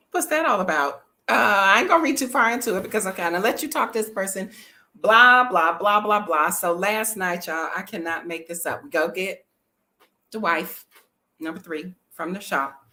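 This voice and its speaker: A middle-aged woman, chatting to viewers in a lively storytelling vlog and laughing often. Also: medium pitch, normal speed. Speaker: travel vlogger.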